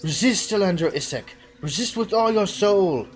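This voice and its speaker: A man voicing a cheerful young woman who fusses over a friend in a video game, with a high, chatty delivery. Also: animated, moderate pace, slight background noise, low-quality recording. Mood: urgent.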